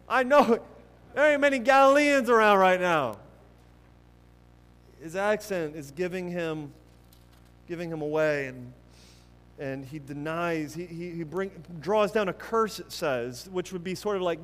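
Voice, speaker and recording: A man preaching a sermon earnestly and emphatically, with many restarts, swinging between loud stresses and hushed passages. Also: high voice, measured pace, in a large hall. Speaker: pastor.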